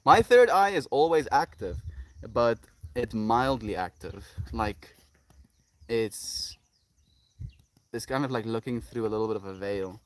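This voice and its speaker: A man's voice: medium pitch, lively intonation, a little slow, long pauses. A young South African man chatting on a casual live stream, reading chat aloud and cooing baby talk at his puppy outdoors.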